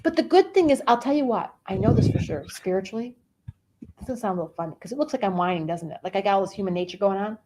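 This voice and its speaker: A woman's voice: mid-range voice, animated, fast talker, mellow, a little hiss or hum, voice pushed down, lightly acted, rough recording. A woman voicing a whiny, oversensitive woman who personifies the Cancer sign and talks in a melodramatic, self-pitying way. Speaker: comedic character performer. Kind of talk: improv comedy character.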